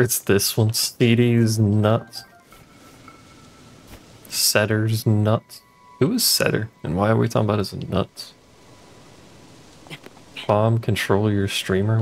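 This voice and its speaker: Low gravelly male streamer. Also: slow, pauses often. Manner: dry, joking, mutters to himself. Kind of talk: casual game commentary.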